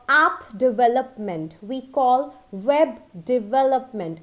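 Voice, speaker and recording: A high-pitched woman teaches pronunciation in an unhurried, casual video lesson. She speaks slowly, fills pauses with "uh" and checks in with "okay?" and "all right?" as she goes. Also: darkish tone. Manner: slow, with many fillers and checks like "okay?".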